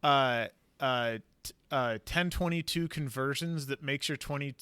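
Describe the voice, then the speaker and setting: A man's voice: mid-range voice, a little slow, bright, forceful tone, clean tone, no echo. A man hosting a podcast, telling a long story in casual chat, rambling with lots of fillers and casual swearing. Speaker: podcast host.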